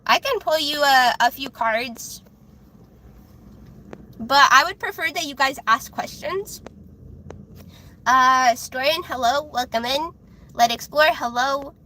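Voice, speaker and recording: On a live stream, a tarot reader speaks slowly in a bright, sharp, childlike high voice, pausing often. Her casual talk is riddled with fillers and restarts, and the poor audio carries slight background noise.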